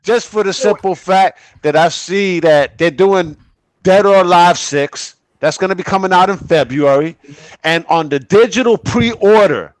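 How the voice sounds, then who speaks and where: A man's voice: sits high, measured pace, no echo. A man from Puerto Rico on a gaming podcast panel, emphatic and swearing, asking "all right?" often. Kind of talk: casual panel chat.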